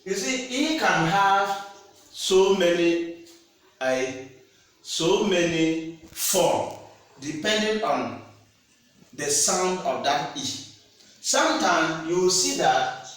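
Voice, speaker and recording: A man's voice: high-pitched, expressive, slow pace, pauses often, fairly bright tone. A man teaching French pronunciation, speaking patiently and repeating words to check the student understands. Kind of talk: slow classroom-style teaching. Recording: echoey room, distant mic.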